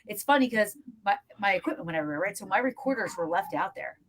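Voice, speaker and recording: Animated woman telling a story. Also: mid-range voice, quick pace, a little hiss or hum, low-quality recording. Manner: animated, acts out voices in her story. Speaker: guest paranormal investigator. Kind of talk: casual storytelling chat.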